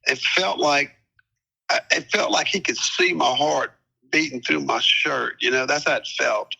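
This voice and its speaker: An older man, a retired police captain, calmly recounting a past event as an interview guest, with many fillers and repetitions. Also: medium pitch, measured pace, creaky, husky, low-quality recording. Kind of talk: storytelling interview.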